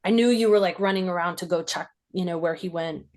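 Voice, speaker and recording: A woman hosting a podcast interview, recalling a personal memory in a reflective, halting way with many fillers, her voice rising as she relives tense moments. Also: lowish voice, a little mellow. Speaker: podcast host.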